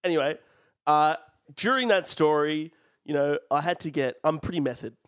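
A man's voice: on the high side, normal speed, a bit bright, smooth, dry recording. A young Australian man co-hosting a comedy podcast, rambling in a mock-formal way into a close mic. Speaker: podcast co-host. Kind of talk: casual comedy podcast chat.

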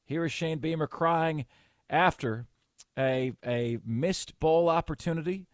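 Brief: higher-voiced male radio host, blunt and sarcastic, dry close sound. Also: a little slow, no room sound. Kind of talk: sports talk radio.

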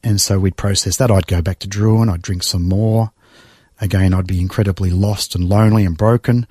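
A middle-aged Australian man telling his life story in a conversation, emotional and reflective, pausing and sighing as he goes. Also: low voice, steady tone, darkish tone, dry recording, clean studio sound. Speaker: guest. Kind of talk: personal testimony in conversation.

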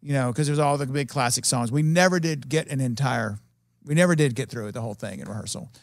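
A man's voice: medium pitch, fast, vocal fry, no echo, clean studio sound. A man, a television producer, telling rambling anecdotes as a guest in a casual interview. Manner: animated, rambling anecdotes with quoted voices.

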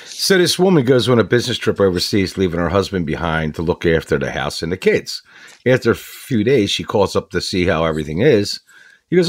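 Lively jokey radio host man. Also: sits low, a little fast. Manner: jokey, energetic storyteller. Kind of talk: talk radio banter.

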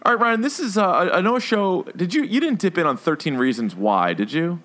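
A man's voice: high voice, lively intonation, fairly quick, a bit bright. Joking, laughing podcast co-host man. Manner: laughing, joking, profane asides. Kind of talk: casual pop-culture chat.

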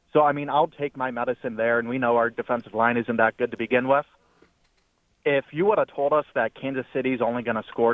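A man's voice: mid-range voice, no room sound. Methodical male radio caller over the phone. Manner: methodical, listing points one by one. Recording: phone line.

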